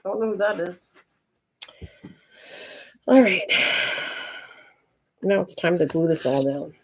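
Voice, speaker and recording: A woman's voice: on the low side, expressive, slow, darkish tone. A woman hosting her crafting channel, chatting casually and teasing while she works on journal pages. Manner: chatty, teasing, laughs easily.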